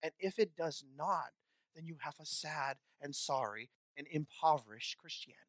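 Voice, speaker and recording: A male pastor preaching a sermon, repeating key phrases for emphasis and swinging between soft, quiet passages and loud, urgent ones. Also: on the high side, moderate pace, dry recording.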